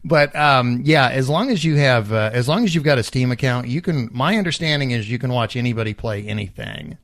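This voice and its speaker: Male podcast co-host, relaxed rambling delivery with fillers, dry recording. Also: medium pitch, brisk, no room sound. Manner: rambling, many fillers and restarts. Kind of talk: casual chat, reading listener letters.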